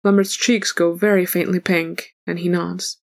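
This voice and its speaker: A woman reading fan fiction aloud in an even, unhurried narrating voice. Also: fairly low pitch, gravelly. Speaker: audiobook reader.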